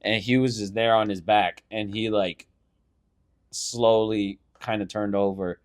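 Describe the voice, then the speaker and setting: A man's voice: fairly low pitch, measured pace. A young man co-hosting a casual podcast, telling stories with lots of swearing and acting out every scene, holding a handheld mic. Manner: animated storyteller, swears a lot, acts out scenes. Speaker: podcast co-host.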